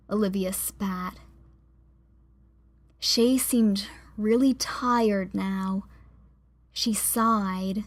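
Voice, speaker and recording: Reading from a script, a woman narrates an audiobook in a mid-range voice, keeping her delivery measured yet expressive.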